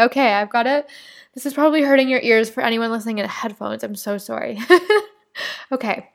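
A woman's voice: on the high side, normal speed, a bit bright. A young pregnant woman hosting her own podcast, chatting about her life and tearfully reading a journal entry, laughing through tears. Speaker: podcast host.

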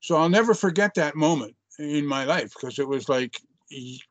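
Being interviewed, an older chiropractor recounts a story in a sincere, thoughtful way, frequently restarting sentences. He speaks with animation at a moderate pace in a fairly high voice, and the recording has no room sound.

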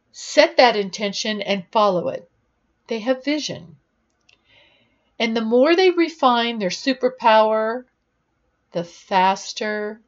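A woman leadership coach giving a podcast monologue, speaking in a deliberate, instructive way. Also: medium pitch, highs cut off.

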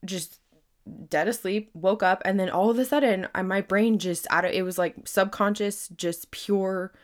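A woman's voice: mid-range voice, moderate pace. A woman hosting a casual solo podcast, rambling and earnest, with lots of filler words and swearing, growing emphatic when she makes a point. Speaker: podcast host.

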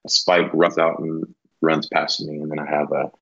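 A podcast guest who hunts elk rambles casually through a hunting story, leaning on "you know" and "like." His rumbling low voice stays monotone at a moderate pace with a slightly bright edge, on dull lo-fi audio.

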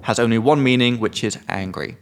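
A man's voice: mid-range voice, fairly quick, creaky. A man co-hosting a podcast as an English teacher, explaining slang casually with examples and swearing. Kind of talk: casual chat.

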